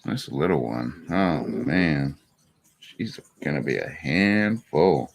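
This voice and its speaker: A man with a gravelly, husky voice chats on a home stream, chuckling a lot and cooing baby talk at his puppies. His pitch swings widely while he talks, and his pace stays slow and unhurried. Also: lively intonation. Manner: laughs often, coos baby talk at puppies. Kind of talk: casual live stream chat.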